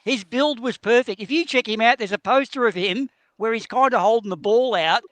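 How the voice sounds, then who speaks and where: A man's voice: very high-pitched, a little fast, fairly bright tone, no echo. A middle-aged man with an Australian accent, telling rowdy, profane stories in a casual podcast chat. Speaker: podcast co-host.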